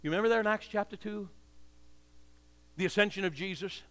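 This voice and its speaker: An older man delivers a fervent sermon in a high, ringing voice, piling up phrases in a rolling preacher's cadence. His bright tone carries a long hall echo, as if heard across a big sanctuary. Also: fairly quick. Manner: impassioned, repetitive preaching cadence.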